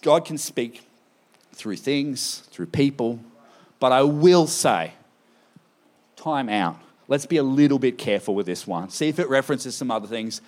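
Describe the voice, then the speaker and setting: A man preaching a sermon in a relaxed, conversational storytelling manner. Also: mid-range voice, measured pace.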